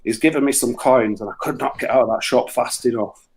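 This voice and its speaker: A man spinning a comic yarn, loose and sweary, with sudden animated outbursts. His voice sits at an everyday middle pitch. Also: brisk, low-quality recording. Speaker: musician and guest storyteller. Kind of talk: casual comic storytelling.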